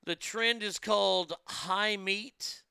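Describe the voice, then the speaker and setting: A man's voice: high voice, steady tone, slow, vocal fry, sharp tone, clean tone, no echo, clean studio sound. A man hosting a crude comedic news commentary, brash and profane, mocking the stories he reads. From United States.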